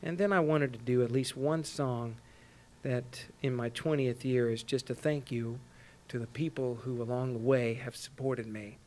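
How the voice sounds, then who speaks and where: A man's voice: mid-range voice, steady tone, moderate pace, a little mellow, slight background noise. A middle-aged man, a Christian singer, speaking earnestly to his concert audience between songs, with frequent ums and restarts. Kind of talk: heartfelt stage talk between songs. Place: live concert stage.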